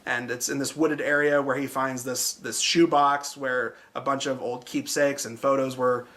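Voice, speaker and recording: A man's voice: mid-range voice, flat delivery, normal speed, a bit bright. A man hosting a movie review show, talking through films in a casual, rambling way, full of fillers like "uh" and "like", and swearing freely. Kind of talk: casual spoken movie recap.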